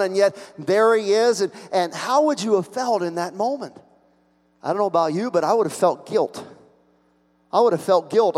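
A male pastor with a high-side voice preaches dramatically, swinging between loud and hushed as he tells the story. A long reverb tail follows his words.

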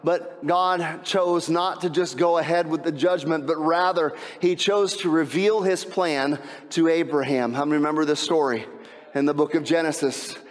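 A man preaching a sermon to a congregation, animated and full of rhetorical questions, coaxing listeners along with "come on" and "right?". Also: fairly high pitch. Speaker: pastor. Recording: long reverb of a large hall.

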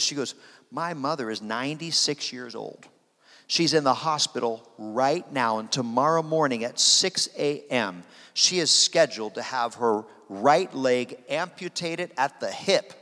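A man preaching, telling a long story with lively quoted voices for each person. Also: mid-range voice, moderate pace. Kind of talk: sermon storytelling. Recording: long hall reverb.

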